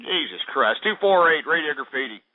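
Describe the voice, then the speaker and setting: Abrasive swearing comedic radio host. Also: male voice, fairly high pitch, animated, a little fast, heavy background noise. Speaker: call-in show host. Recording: tinny phone-like audio.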